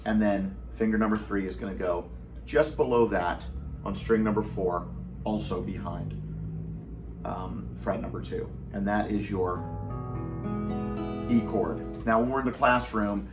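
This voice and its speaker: A man gives a guitar lesson at home, explaining each finger placement patiently and counting the rhythm aloud. His voice sits on the low side. He is picked up from some distance from the mic, with the guitar plainly heard alongside him. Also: steady tone, normal speed. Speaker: guitar instructor.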